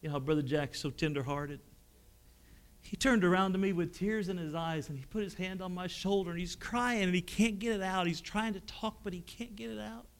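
With a voice that sits high and a slightly quick pace, a middle-aged preacher shares personal stories in his sermon. He moves from booming exclamations down to quiet, emotional tones.

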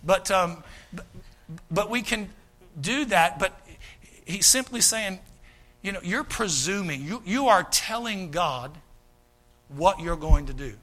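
A male pastor, preaching a folksy, animated sermon, often acting out quoted voices and repeating his starts. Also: sits high, slow, long pauses.

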